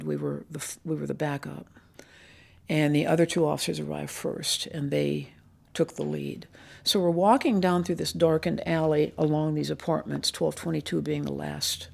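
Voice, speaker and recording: An older woman with a deeply gravelly, creaky voice tells her stories slowly and thoughtfully, pausing to remember details. She speaks as a retired police commander looking back in an interview. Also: a little mellow. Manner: measured, reflective storytelling with pauses. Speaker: retired police assistant chief. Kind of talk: recounting memories in an interview.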